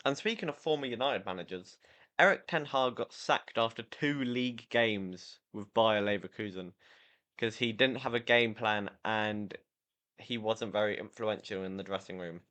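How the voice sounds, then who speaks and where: A man's voice: lowish voice, moderate pace, pushed and bright. Chatty, tired man rambling about football. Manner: rambling, opinionated, frequent fillers and restarts. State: tired, yawning. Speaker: podcast host. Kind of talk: casual football chat podcast.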